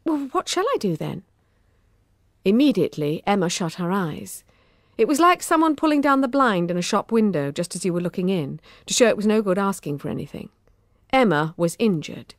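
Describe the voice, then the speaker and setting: A woman with a British accent narrating a children's audiobook in an expressive, measured way on a close studio mic. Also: mid-range voice, no echo.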